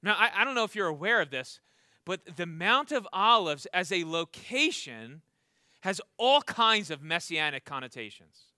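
A man's voice: high-pitched, sing-song, normal speed, sharp tone, no echo, studio quality. A pastor preaching a sermon in an earnest way, often repeating words as he starts a thought and asking his listeners questions. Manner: asks the congregation questions.

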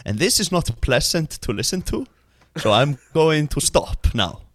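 Lively Icelandic man joking around. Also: fairly high pitch, unhurried, no room sound. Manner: jokey, teasing, lively delivery. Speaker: podcast co-host. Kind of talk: casual chat.

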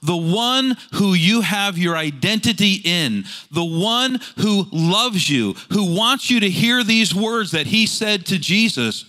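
Male pastor, sermon, animated storytelling, rhetorical questions, lively pitch, bright ringing voice. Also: takes it slowly, few pauses.

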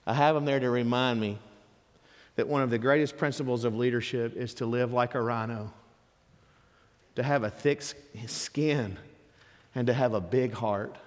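Emphatic preacher in a reverberant hall. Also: male voice, mid-range voice, moderate pace, pauses often. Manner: emphatic, animated storytelling with voiced asides. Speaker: pastor. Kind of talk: sermon.

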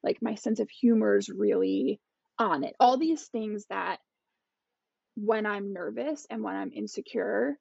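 A woman's voice: medium pitch, measured pace, gravelly, darkish tone, breathy edge, no room sound. A woman podcast co-host and culture expert chatting candidly, reflecting on herself and restarting her sentences. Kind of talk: casual podcast chat. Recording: dull, lo-fi dry sound.

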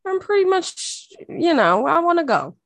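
A woman from Jamaica co-hosting a podcast in casual chat, relaxed and easygoing. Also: very high-pitched, normal speed, no room sound. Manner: relaxed, easygoing and laughing along. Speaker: podcast co-host.

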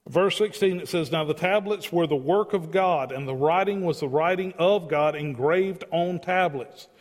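A man's voice: a little high, moderate pace, in a large hall. A man teaching a Bible study, reading scripture aloud and explaining it in an emphatic, conversational way.

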